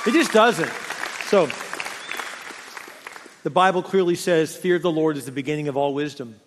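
Male pastor, high voice, energetic conversational sermon, long hall reverb. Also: normal speed, a crowd in the background, background noise. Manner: energetic, conversational preaching with rhetorical questions.

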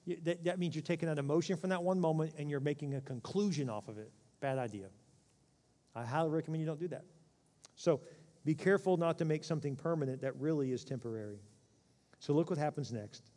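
A man's voice: a little high, brisk, dark tone. A middle-aged man preaching a sermon as a pastor, in a conversational way that acts out quoted voices. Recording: long hall reverb.

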